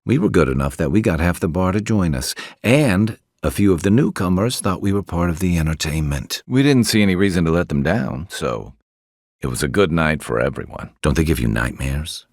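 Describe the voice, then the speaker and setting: An actor playing a seasoned ex-sailor soldier companion in a video game, trading easygoing banter and barking battle calls. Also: male voice, low voice, expressive, brisk, darkish tone, no echo, studio quality. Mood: wry, conversational. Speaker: party companion. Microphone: close studio mic.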